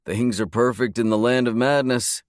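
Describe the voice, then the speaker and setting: A man's voice: medium pitch, fairly even intonation, normal speed, no echo, clean studio sound, voice pushed up, close to an everyday voice. A man voicing a cocky, amused young father teasing his brother. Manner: amused, smug.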